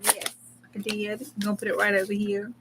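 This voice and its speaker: A woman's voice: mid-range voice, monotone, brisk, background noise. A woman hosting a casual crafting live stream, effusive and chatty, laughing often and close to tears.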